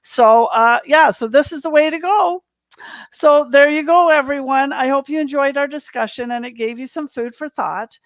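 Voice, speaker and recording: A woman's voice: high voice, moderate pace, dry recording. Upbeat woman host, dry sound. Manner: upbeat, encouraging. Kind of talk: online show wrap-up and promo.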